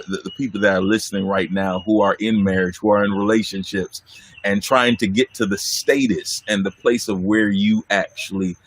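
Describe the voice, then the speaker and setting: A low-pitched male host thinks aloud in a casual church talk show. He often restarts and repeats words as he gathers his thoughts. His voice sounds dry and close to the mic. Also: slightly rough, no room sound.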